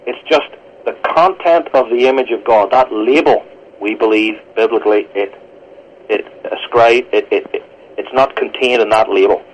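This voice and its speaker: A man's voice: medium pitch, a little hiss or hum. A man with a British accent, a pastor and guest, explaining theology earnestly and quoting scripture over a phone line. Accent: British English. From Britain. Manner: earnest, measured, quotes scripture with stumbles.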